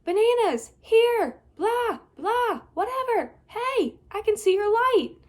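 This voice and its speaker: A woman's voice: very animated, slow pace, exaggerated voice. A woman doing a bratty, sarcastic schoolgirl. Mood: shouting. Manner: loud, high, snappy and complaining.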